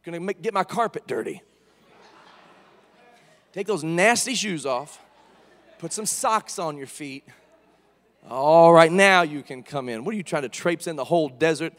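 A fussy, house-proud male God nags and mocks in a voice pitched lower than the speaker's own, as a preacher puts him on. The scolding rings out with a long hall reverb around it. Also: expressive, a little slow, pauses often, fairly bright tone. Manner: nagging, mocking scolding.

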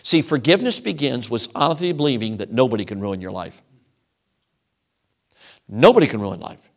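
A man's voice: a little high, gravelly. A middle-aged man preaching a sermon, emphatic and rhythmic, stacking repeated phrases into lists. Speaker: traveling preacher.

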